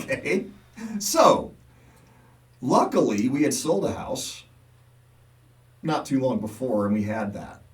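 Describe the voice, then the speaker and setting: A man's voice: mid-range voice, unhurried, long pauses, far from the mic. A middle-aged man co-hosting a casual local podcast, telling stories with quoted dialogue and frequent laughs. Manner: animated storyteller, laughs often, acts out quotes. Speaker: podcast co-host. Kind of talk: casual chat.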